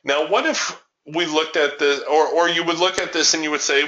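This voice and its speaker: A trading educator with a slightly high, steady, pushed and bright voice teaches a webinar over a chart at a moderate pace. He talks emphatically and throws rhetorical questions at the audience, over muffled lo-fi webinar audio.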